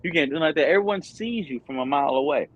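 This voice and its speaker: A man's voice: fairly high pitch, animated, racing, dull audio. A man hosting a pop-culture stream, rambling in casual chat with lots of fillers and crude slang over an online voice chat.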